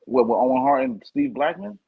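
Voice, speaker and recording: A man's voice: mid-range voice, animated, brisk, creaky, slightly rough, narrow, tinny audio. A man co-hosting a casual talk show, talking in blunt slang. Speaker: podcast co-host. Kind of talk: casual chat.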